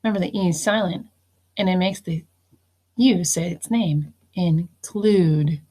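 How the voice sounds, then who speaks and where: A woman's voice: lowish voice, normal speed, a little mellow, breathy edge. A woman teacher giving a recorded phonics lesson, spelling words out letter by letter and explaining each syllable.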